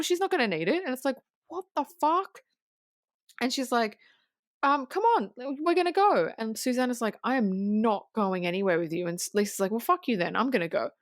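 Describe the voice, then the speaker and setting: A woman's voice: mid-range voice, dry recording, studio quality. Woman eagerly retelling a film scene. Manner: animated scene retelling with restarts and casual swearing. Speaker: podcast co-host. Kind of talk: casual film review chat.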